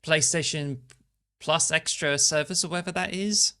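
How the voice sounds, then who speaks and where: A man hosting a podcast, chatting casually and reading news articles aloud in a measured way. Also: fairly high pitch, bright, forceful tone, smooth. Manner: measured, reads articles aloud, segues between topics. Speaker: podcast host.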